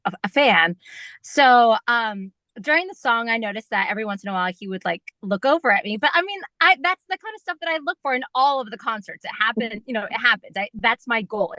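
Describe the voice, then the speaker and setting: A woman guest telling an excited, rambling story in an interview, full of fillers. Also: on the high side, no echo. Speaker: guest fan.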